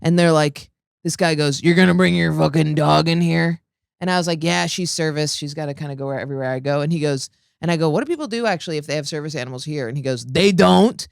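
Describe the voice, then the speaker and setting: A woman hosting a comedy podcast, telling stories in a profane, animated way. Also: sits low, rapid-fire, clear, resonant tone, no echo, studio quality. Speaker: podcast host. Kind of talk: casual comedic chat. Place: podcast studio.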